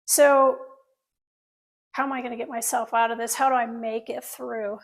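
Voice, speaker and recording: Surgeon, female, middle-aged; high voice, earnest first-person storytelling with audience asides. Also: little pitch movement, normal speed, vocal fry. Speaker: plastic surgeon telling her story.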